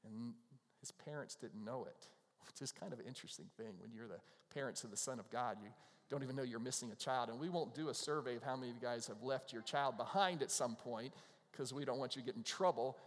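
A man's voice: medium pitch, fast. A middle-aged male pastor giving a casual, conversational sermon, often acting out the voices of people in the scriptures. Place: church. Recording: long reverb of a church hall.

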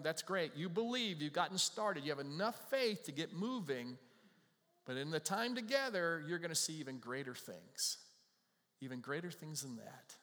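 A man's voice: a little high, animated, normal speed, a bit bright, long reverb tail. A man preaching a sermon, retelling scripture in casual everyday language as a pastor. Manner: conversational preaching, paraphrasing scripture in everyday words.

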